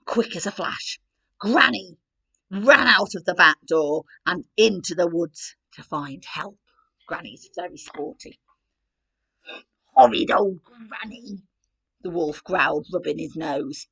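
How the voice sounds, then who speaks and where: A woman reading a story aloud for a children's playgroup, animated and sing-song, asking the little ones questions. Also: fairly low pitch, a little slow, vocal fry, slightly rough.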